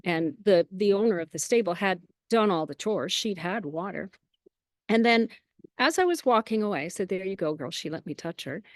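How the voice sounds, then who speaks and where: A woman chatting as an interview guest, telling lively anecdotes with quoted asides and frequent small laughs. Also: medium pitch, moderate pace, dry recording, clean studio sound. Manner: laughs often between phrases. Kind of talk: casual storytelling.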